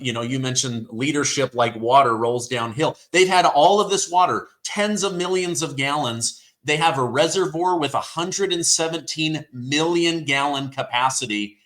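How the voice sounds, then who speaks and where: A man's voice: mid-range voice, unhurried, few pauses, fairly bright tone. A man hosting a political talk show, speaking with emphatic indignation. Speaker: show host. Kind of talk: casual political chat.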